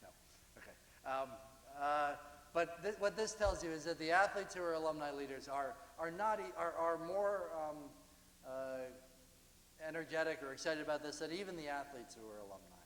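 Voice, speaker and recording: A man giving a university lecture about slides, talking in a conversational, halting way with frequent restarts. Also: on the high side, fairly bright tone. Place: lecture hall. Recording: echoey hall, distant.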